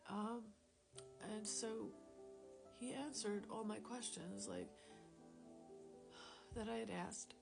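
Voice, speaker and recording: A woman telling a personal faith story in a casual, rambling, self-deprecating way, dropping into quiet whispers at times, recorded on a phone. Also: medium pitch, slow pace, long pauses. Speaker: Christian storyteller sharing a testimony. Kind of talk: casual spoken testimony. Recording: music playing clearly behind the voice.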